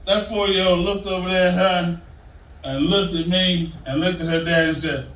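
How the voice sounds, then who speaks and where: On stage doing stand-up, an older man tells loose, rambling stories to a live audience with a Southern-flavored storytelling delivery. His voice sits high and a bit bright, with fairly even intonation at normal speed, picked up by a distant mic in an echoey room.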